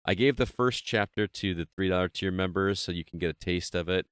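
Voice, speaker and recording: Male podcast host, low smooth voice, dry close mic, casual and self-deprecating. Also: a little fast, a bit bright, no echo. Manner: chatty, self-deprecating, laughs often.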